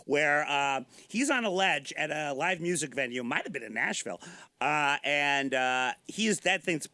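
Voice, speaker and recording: A man's voice: on the high side, animated, bright, forceful tone, no echo. A man hosting a casual morning talk show in a studio, joking and rambling between questions. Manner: joking, rambling, quick asides. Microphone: studio mic.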